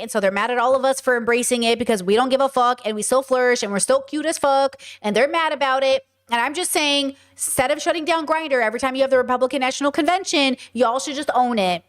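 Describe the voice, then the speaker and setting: Blunt high-voiced woman ranting. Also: smooth. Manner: blunt, profane, rambling asides. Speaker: podcast host reacting to news clips. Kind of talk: casual commentary.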